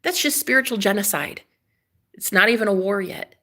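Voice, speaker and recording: Bright-voiced gushing woman streamer. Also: medium pitch, moderate pace. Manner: dramatic, gushing, swings between loud exclamations and hushed asides. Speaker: live streamer. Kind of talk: casual live-stream chat.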